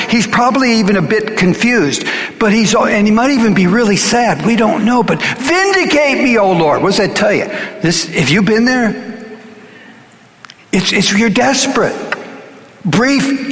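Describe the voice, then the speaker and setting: A man's voice: sits high, a bit bright, big-room sound. A man preaching a conversational sermon to his congregation, earnest and urgent, often restarting his sentences and pressing his points. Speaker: pastor.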